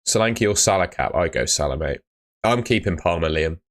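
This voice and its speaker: A man's voice: low voice, lively intonation, fairly quick, a bit bright. A young man chatting on a live stream, giving blunt fantasy football advice and often calling viewers "mate". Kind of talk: casual live-stream chat.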